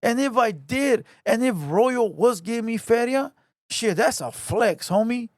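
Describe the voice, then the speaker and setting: A man's voice: very high voice, expressive, unhurried, no room sound, studio quality. A man ranting to camera, taunting and repeating himself in a confrontational way. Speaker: online commentator. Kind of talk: heated rant to camera. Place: home garage.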